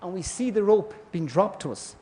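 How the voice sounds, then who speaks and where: A man's voice: sits high, animated, moderate pace, warm tone. A man giving a scripture class lecture, telling parables and acting out the voices in them. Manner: storytelling, acts out voices in parables. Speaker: class speaker. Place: temple hall.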